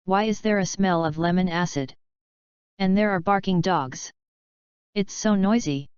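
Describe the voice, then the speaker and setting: A woman voicing a cocky, sharp-tongued male student who speaks in an offhand, mocking way. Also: fairly low pitch, measured pace, clear, resonant tone, no room sound, natural voice. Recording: dull lo-fi dry recording.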